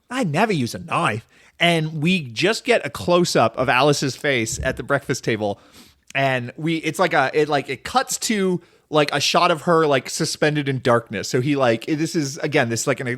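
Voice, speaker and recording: A man's voice: a little high, fairly bright tone, no room sound, studio quality. A man hosting a casual solo film podcast, rambling and enthusiastic, full of "like" and "um". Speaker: podcast host.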